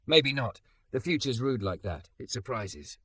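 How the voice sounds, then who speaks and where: A man voicing a calm, patient male teacher who speaks gently and steadily. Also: measured pace, husky, no echo, exaggerated voice. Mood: gentle. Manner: gentle, steady, low-key.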